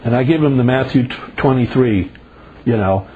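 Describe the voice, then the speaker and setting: An older man preaching an informal sermon to a small group, animated and sarcastic, acting out the voices of his critics. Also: medium pitch, normal speed, slight background noise. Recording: dull lo-fi recording.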